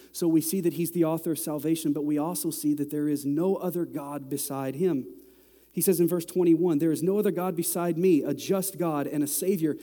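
A middle-aged man preaching to his congregation, with a warm, mellow voice a little higher than most men's. He talks in a loose, conversational way and builds to loud, exasperated peaks, and a long reverb trails each phrase through the big hall. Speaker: pastor. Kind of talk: sermon.

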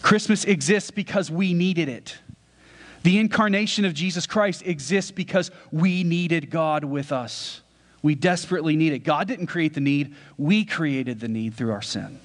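A man's voice: fairly high pitch, moderate pace. Man preaching in a reverberant hall. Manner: earnest preaching, talks to the congregation with questions. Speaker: pastor. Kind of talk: sermon.

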